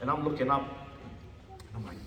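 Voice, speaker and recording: A man's voice: medium pitch, fairly quick, background noise. A man giving an earnest personal testimony, often restarting and repeating phrases for emphasis. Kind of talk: emotional testimony storytelling. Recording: echoey hall from a distant mic.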